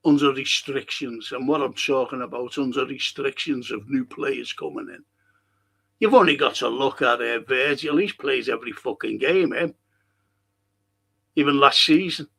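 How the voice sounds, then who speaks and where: A man's voice: mid-range voice, moderate pace, vocal fry, pushed and bright, slightly rough. An older man hosting a live podcast, reading viewer comments and talking in a rambling, passionate way, swearing freely. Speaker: podcast host.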